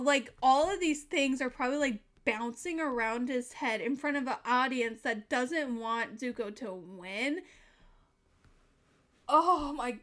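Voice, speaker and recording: A woman's voice: high voice, fairly bright tone. A young woman reacting to a show in casual commentary, emotional, teary and swearing freely. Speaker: reaction video host.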